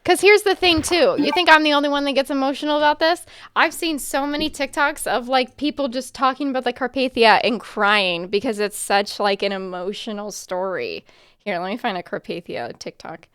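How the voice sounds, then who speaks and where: A woman's voice: high-pitched, normal speed, fairly bright tone, smooth, dry recording, clean studio sound. A woman streaming a game live, chatting casually with her viewers and calling herself very emotional. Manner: chatty, self-described emotional, talks to chat. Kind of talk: casual live-stream chat while gaming.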